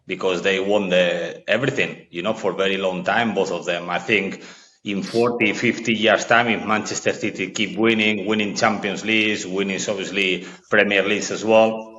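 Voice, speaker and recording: A man whose first language is Spanish argues a football point calmly, restarting his sentences as he goes. His voice sits fairly low but has a bright edge. The recording sounds dull and carries a long reverb. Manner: measured, halting, with frequent restarts. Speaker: podcast co-host. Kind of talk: casual football debate.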